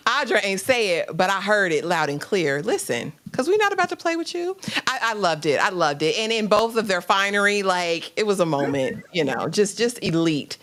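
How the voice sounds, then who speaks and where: Lively woman hosting a live recap. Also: on the low side, moderate pace. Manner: animated, acts out lines from the scene. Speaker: host. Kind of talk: live show recap discussion.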